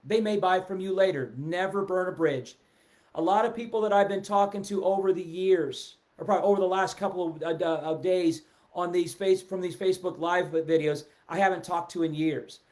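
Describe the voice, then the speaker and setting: Animated man hosting a live stream. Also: sits high. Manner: animated, voice rising and falling, reading viewer comments. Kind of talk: casual live-stream talk. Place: indoors, seated in a chair. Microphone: webcam or phone at a desk, seated.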